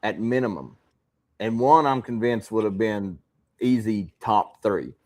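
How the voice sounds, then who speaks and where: A man hosting a podcast, telling fishing stories in a calm, dry way with some laughs. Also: on the low side, measured pace. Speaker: podcast host. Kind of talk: casual podcast chat.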